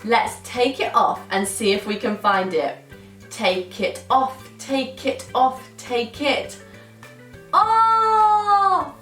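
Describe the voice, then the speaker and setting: British woman, toddler teacher, very slow sing-song delivery, roomy distant sound with faint music. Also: medium pitch, fairly bright tone. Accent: British English. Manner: slow, exaggerated, sing-song with frequent singing.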